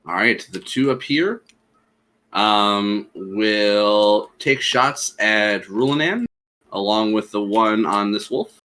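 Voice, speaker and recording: A man running a tabletop game as game master, narrating the action in a lively way. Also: on the low side, slow pace.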